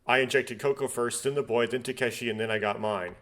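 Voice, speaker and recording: A young man working through a visual novel, reading its lines aloud in a steady middle voice. He keeps stopping for rambling, nitpicking asides that carry a dry sarcastic edge. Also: medium pitch, fast. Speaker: let's play host. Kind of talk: reading a game's text aloud with commentary.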